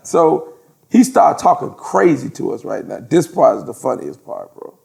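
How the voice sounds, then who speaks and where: A man, a podcast guest telling profane, animated stories and laughing through them. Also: a little high, moderate pace, creaky. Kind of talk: casual storytelling in an interview.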